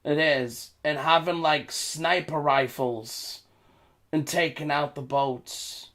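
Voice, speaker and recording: Speaking slowly in a steady, somewhat bright and high-pitched voice, a British man offers casual, rambling vlog commentary. Between remarks he chuckles, and he tends to repeat himself.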